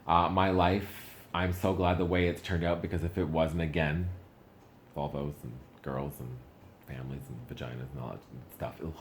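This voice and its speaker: Very deep-voiced man doing stand-up. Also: fairly even intonation, normal speed, slight background noise. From Canada. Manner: chatty and self-mocking, voice jumps up for punchlines. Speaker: stand-up comedian. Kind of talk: stand-up comedy set.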